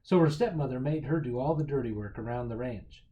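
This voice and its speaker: A man reading a picture book aloud as a storyteller, with lively, expressive storytelling. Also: medium pitch, a little fast, lo-fi sound.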